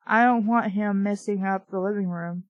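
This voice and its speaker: A woman's voice: mid-range voice, fairly even intonation, normal speed, no echo, dull audio, lightly acted. A woman reading the lines of a worried young hostess in a book, in an earnest, reassuring way, with a dry sound.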